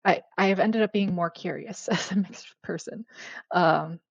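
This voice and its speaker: Reflective young woman, gravelly, lo-fi. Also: on the low side, moderate pace, dry recording. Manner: reflective, hesitant, many fillers and soft laughs. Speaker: podcast guest, writer. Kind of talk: casual conversation. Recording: dull lo-fi dry sound.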